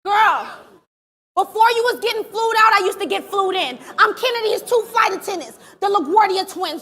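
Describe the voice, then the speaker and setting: High, bright-voiced woman battle rapping. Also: lively intonation, moderate pace. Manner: aggressive, taunting, shouted punchlines. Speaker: battle rapper. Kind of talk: live battle rap performance. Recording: live event with crowd behind.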